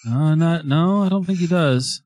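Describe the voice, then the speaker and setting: A man's voice: on the high side, moderate pace, no room sound. A man hosting a casual chat around a spirit board, joking, swearing and putting on a spooky tone. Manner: swearing, animated, mock-spooky. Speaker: podcast host.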